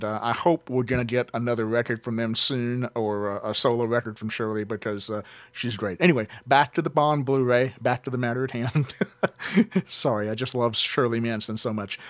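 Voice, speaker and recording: A man's voice: medium pitch, no room sound. A man hosting an online radio show, giving a casual, joking review full of "uh" fillers and side tangents. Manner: rambling and joking, with many "uh" fillers. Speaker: online radio host reviewing home video releases.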